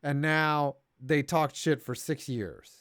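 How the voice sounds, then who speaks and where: Co-hosting a sports stream, this man reads out donations slowly in a voice on the high side, joking, swearing frequently and doing voices for the messages in animated, casual chat. The recording is dry and studio quality.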